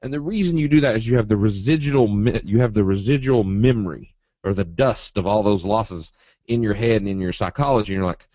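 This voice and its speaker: Folksy low-voiced man teaching trading. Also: brisk, no room sound. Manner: folksy, animated, acts out quotes and chart moves. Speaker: trading educator. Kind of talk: webinar trading lesson. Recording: dull, dry webinar audio.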